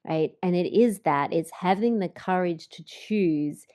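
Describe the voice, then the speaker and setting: A woman with a mellow, fairly low voice hosts a relaxed interview. She speaks reflectively, often easing off and growing quiet at the ends of her phrases. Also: a little slow. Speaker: podcast host. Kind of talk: conversational interview.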